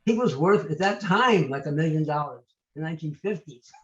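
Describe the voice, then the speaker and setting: An older man talks as an interview guest, spinning anecdote after anecdote with a fairly high voice. His audio sounds roomy and dull, with echo around him. He trails off and starts over mid-thought. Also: brisk. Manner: animated, anecdotal, trails off and restarts. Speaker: author and analyst guest. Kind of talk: storytelling interview answers.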